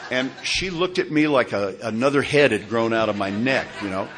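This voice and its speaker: A man's voice: medium pitch, moderate pace, a bit bright. A man in his sixties telling his own recovery story in a rambling way, often checking in with his listeners. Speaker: recovery meeting speaker. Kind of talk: personal testimony talk.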